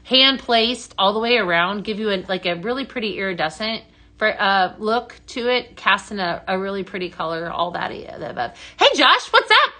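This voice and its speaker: A woman's voice: mid-range voice, moderate pace, bright, forceful tone. A woman hosting a live product sale, talking in a rambling, upbeat way and answering viewers by name. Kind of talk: chatty live-stream selling.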